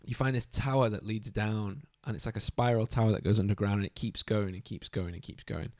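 A man's voice: fairly low pitch, fairly even intonation, brisk, darkish tone, no room sound, clean studio sound. A man chatting casually about a video game, enthusiastic and swearing freely.

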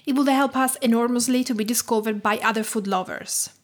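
A woman in her thirties from Tuscany with an Italian accent, calmly narrating her podcast in a measured, sometimes hushed way. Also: fairly high pitch. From Tuscany, Italy. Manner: calm, measured storytelling, often soft and hushed. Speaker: podcast host.

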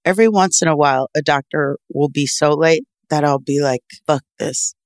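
A woman co-hosting a comedy podcast in casual chat, animated, laughing often and swearing casually. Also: deep voice, brisk, no room sound, studio quality. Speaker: podcast co-host.

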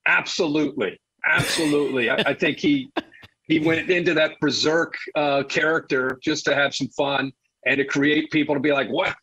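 A middle-aged man and football analyst, telling animated stories as a guest, laughing often and restarting his sentences. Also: a little high, normal speed, husky, low-quality recording. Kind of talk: casual storytelling interview.

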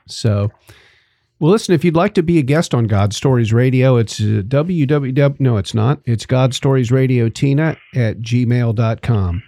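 Man, radio host, gravelly voice, folksy and halting, dry close sound. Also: mid-range voice, no echo. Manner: relaxed, folksy, halting with fillers. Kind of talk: casual chat.

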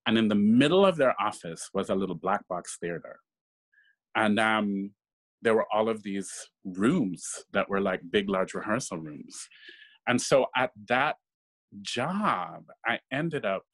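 Lower-pitched male actor as interview guest, lively raconteur, mimics quoted people. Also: a little slow. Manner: animated, acts out quoted voices. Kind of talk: casual interview storytelling.

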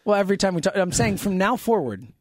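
A man's voice: high-pitched, sing-song, fast talker, no room sound, studio quality. A man in his thirties co-hosting a sports podcast, talking in casual, teasing banter. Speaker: podcast co-host.

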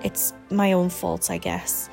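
A woman's voice: lowish voice, level tone, takes it slowly, creaky, darkish tone, soft background music, full character voice. A woman voicing a weary young pregnant woman who talks in a subdued, wry way, as if holding back tears.

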